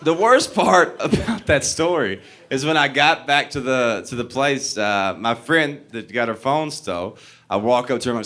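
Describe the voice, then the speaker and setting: Young male stand-up comic, animated storyteller who acts out voices and chuckles at his own punchlines, faint room hiss. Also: fairly high pitch, normal speed. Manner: animated storytelling, acting out quoted voices, laughing at own jokes. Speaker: stand-up comedian. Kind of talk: stand-up comedy set. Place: comedy club stage before a live audience.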